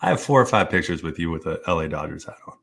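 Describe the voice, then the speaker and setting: A man co-hosting a casual sports podcast, laid-back and quick to laugh. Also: deep voice, lively intonation, creaky, background noise. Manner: laid-back, laughs often, talks in restarts. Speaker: podcast co-host. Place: studio, live stream.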